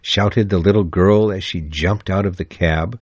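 A man reading a novel aloud as an audiobook, in a measured, expressive storytelling manner. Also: low-pitched, slightly rough, no room sound, highs cut off. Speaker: audiobook narrator. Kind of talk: scripted audiobook narration.

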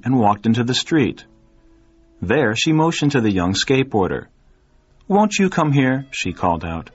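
A man reading a short story aloud in a measured, expressive way. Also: fairly low pitch, muffled recording. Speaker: story reader.

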